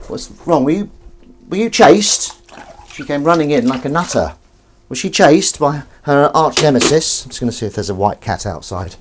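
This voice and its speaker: A man vlogs from his home kitchen while doing the washing-up, chatting loosely about film trivia and tossing remarks to someone nearby amid clinking dishes and cutlery. His voice is on the high side and animated at a moderate pace, with a little hiss or hum.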